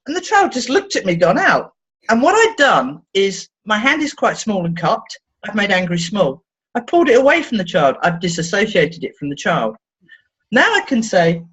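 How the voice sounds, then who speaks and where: A woman's voice: big pitch swings, moderate pace, fairly bright tone, husky. A woman therapist talking in an interview, telling stories playfully and acting out the voices she quotes. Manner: playful, acts out quoted voices with big pitch swings. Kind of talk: animated storytelling in conversation. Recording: dull lo-fi sound.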